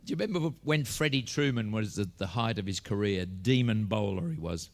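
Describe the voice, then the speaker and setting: Aussie bloke doing stand-up, yarn after yarn, puts on funny voices. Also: male voice, lowish voice, lively intonation, fairly quick, few pauses. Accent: Australian. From Western Australia. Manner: storytelling with put-on voices and accents. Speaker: comedian. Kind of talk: stand-up joke telling.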